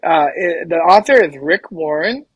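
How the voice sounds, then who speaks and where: Fast-talking, hyper man. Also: fairly high pitch, expressive, slightly rough, dry recording, low-quality recording. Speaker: podcast guest. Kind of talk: casual interview chat.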